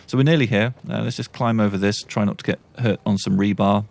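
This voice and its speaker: Gravelly, awkward British man. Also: fairly low pitch, steady tone, brisk, few pauses, a little mellow. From Britain. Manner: awkward, self-deprecating, rambling. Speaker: let's play host. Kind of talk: casual gameplay commentary.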